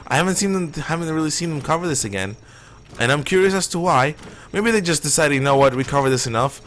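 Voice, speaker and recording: A man's voice: fairly high pitch, lively intonation, fast talker, a bit bright, a little hiss or hum. A man streaming a shooter game live, rambling and opinionated as he plays. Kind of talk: casual live gameplay commentary.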